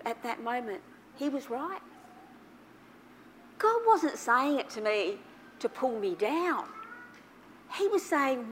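A woman preaches in a fairly high voice, moving from hushed, reflective moments to loud, excited bursts as she tells a personal story. Faint room noise sits under her voice. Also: moderate pace, long pauses. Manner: animated storytelling, swings from soft to loud. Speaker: pastor. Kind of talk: sermon.

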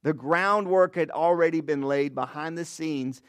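A man's voice: on the high side, unhurried, fairly bright tone, smooth, no room sound. A man, a pastor, giving a sermon in a conversational way with frequent "all right?" and "okay?" asides, and praying earnestly. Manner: earnest prayer.

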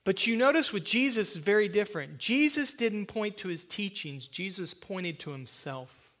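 A man with a notably high voice preaches to his congregation in a church sanctuary. He is earnest and slows right down to stress key phrases, with a bit of self-deprecating humor along the way. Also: animated, a bit bright. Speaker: pastor. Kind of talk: sermon.

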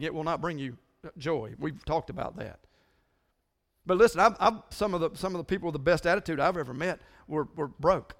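A middle-aged man preaching a sermon to his congregation as their pastor, earnest and confessional, urging a quiet crowd to wake up. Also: fairly high pitch. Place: church sanctuary.

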